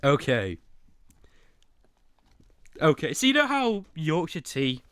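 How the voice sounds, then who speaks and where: A man's voice: on the high side, wildly swooping pitch, slow, a bit bright, clear, resonant tone, no echo. Dramatic young man streaming. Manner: dramatic, whiny pleading with sudden outbursts. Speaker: streamer ranking teas for chat. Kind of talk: casual livestream chat.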